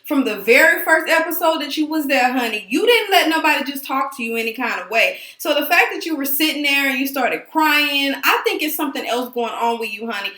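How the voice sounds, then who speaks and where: High, bright-voiced sassy woman reviewer. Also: animated, a little fast, few pauses, echoey room. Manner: sassy, talks straight to the cast members. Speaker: reality show reviewer. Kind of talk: casual recap commentary.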